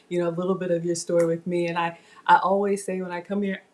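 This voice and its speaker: A woman hosting a cooking livestream, emotional and close to tears, speaking in a halting, heartfelt way. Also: on the low side, flat delivery, darkish tone. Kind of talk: casual live-stream chat.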